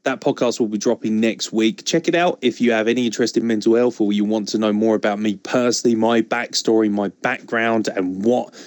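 A man's voice: on the low side, brisk, few pauses, darkish tone, no room sound, studio quality. A man hosting a casual wrestling podcast, joking and chatty. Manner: joking, mock wrestling promo bits. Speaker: podcast host.

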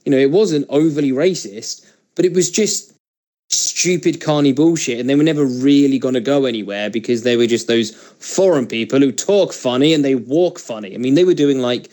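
Male podcast co-host, mellow dark tone, opinionated and casual. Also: mid-range voice, moderate pace.

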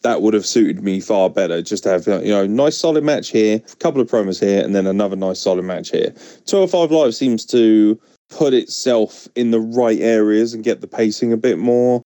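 English guy hosting a podcast, low mellow voice, blunt and sweary, dry sound. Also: no room sound. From England. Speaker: podcast host. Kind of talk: casual podcast chat.

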